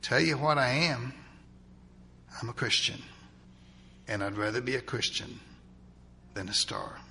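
A man voicing a paralyzed former football star who speaks quietly and earnestly. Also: mid-range voice, a little slow, big-room sound, slight background noise.

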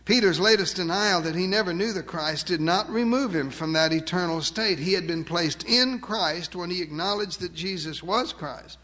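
A man preaching a sermon, emphatic, asking rhetorical questions and slowing down to stress key words. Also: high-pitched, bright, forceful tone, big-room sound. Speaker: pastor.

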